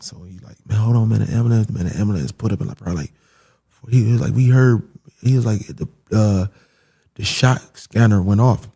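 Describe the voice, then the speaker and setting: A young man casually telling a story, animated and swearing, acting out the voices of the people in it. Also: fairly low pitch, a little fast, creaky, breathy edge.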